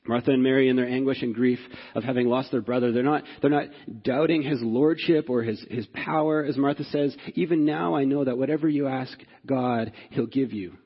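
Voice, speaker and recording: A man's voice: mid-range voice, steady tone, fairly quick, few pauses, slightly rough, in a large hall, highs cut off. A man preaching a sermon as pastor, earnest, often asking "right?" of his listeners and rising in force when stirred. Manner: earnest, repeats "right?" to the congregation.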